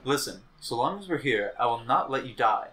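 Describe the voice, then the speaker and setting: Brief: a man playing a proud young heir, calm and commanding, bright edge to the voice. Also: mid-range voice, a little fast. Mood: stern. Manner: calm, lofty, declarative. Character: haughty rich young male heir, commanding and composed. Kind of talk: let's play voice acting.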